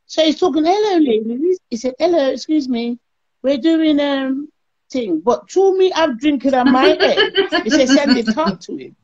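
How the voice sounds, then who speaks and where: A woman with a high voice speaks at a normal pace as an interview guest, telling her story with animation and acting out other people's lines. The audio is lo-fi call quality.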